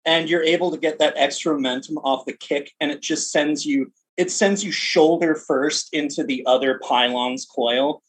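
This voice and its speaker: Husky man running a tabletop game. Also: fairly high pitch, moderate pace, hardly any pauses, rough recording. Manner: animated, casual narration. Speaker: game master.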